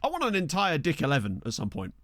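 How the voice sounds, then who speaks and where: A man's voice: fairly high pitch, wildly swooping pitch, a bit bright, no room sound, studio quality. A man chatting casually on a live stream, thanking viewers and joking as he plays a football management game. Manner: chatty and jokey, thanking viewers, quick laughs. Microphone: desk microphone.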